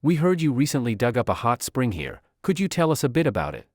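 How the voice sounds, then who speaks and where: A man voicing a quick-witted servant coaxing a guard in a friendly way. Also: medium pitch, sing-song, no room sound, clean studio sound. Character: quick-witted smooth-talking male servant.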